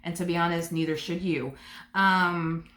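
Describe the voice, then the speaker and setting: A woman's voice: lowish voice, steady tone, normal speed, fairly bright tone. A woman giving a casual, chatty tarot reading, sassy and full of asides. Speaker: tarot reader. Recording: roomy echo.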